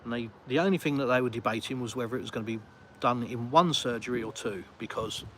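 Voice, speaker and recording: A man's voice: mid-range voice, fast talker, low-quality recording. A middle-aged English man with an English accent, chatting casually on a livestream and reading out viewer messages. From England. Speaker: live streamer. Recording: loud street and traffic noise.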